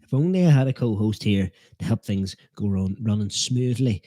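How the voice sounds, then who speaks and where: A man's voice: fairly low pitch, moderate pace, hardly any pauses, no room sound. A man hosting a live football watchalong stream, chatting in a joking, self-deprecating way and teasing his viewers. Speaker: fan channel host.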